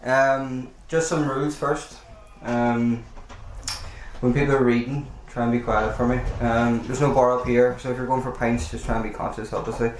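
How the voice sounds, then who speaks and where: A man's voice: medium pitch, little pitch movement, normal speed, slight background noise. A man hosting a live poetry night in a bar, hesitant and apologetic, with lots of ums. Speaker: event host. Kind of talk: casual live introduction. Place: bar function room. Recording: echoey live room with crowd chatter.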